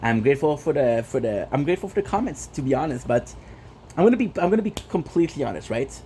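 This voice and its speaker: A man whose first language is French rants bluntly to his stream audience, swearing and circling back over the same points. His voice is mellow and warm, sitting at an ordinary pitch for a man. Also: big pitch swings, fast talker, slight background noise. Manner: frustrated, blunt, repeats himself, swears. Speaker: gaming streamer. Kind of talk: casual ranting vlog.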